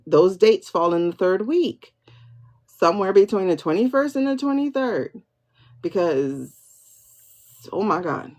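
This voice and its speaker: Woman tarot livestream host, slow, drawn-out and swooping delivery, excitable, dull lo-fi stream audio. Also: medium pitch. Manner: excitable, keeps repeating "hold on" while asking questions; talks to viewers and to her spirit guide. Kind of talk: livestream pendulum reading. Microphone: phone or computer mic for livestream.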